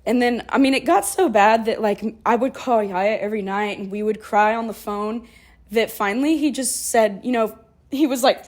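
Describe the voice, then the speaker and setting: A woman's voice: fairly high pitch, measured pace, darkish tone. A young woman, telling her own life story in a candid, rambling way full of fillers. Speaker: podcast host. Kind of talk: personal storytelling.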